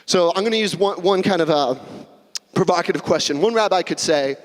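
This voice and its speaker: A man's voice: high voice, fairly quick. A young man preaching a casual, conversational sermon in a church, with joking asides and little acted-out quotes. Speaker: pastor. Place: church sanctuary. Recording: long hall reverb.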